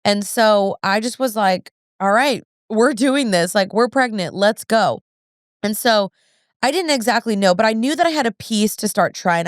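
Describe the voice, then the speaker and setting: Chatting casually on her podcast, this thirty-something host, who is pregnant, talks in an earnest way peppered with fillers. She has a medium-pitched, clean voice, captured in clean studio sound with no echo.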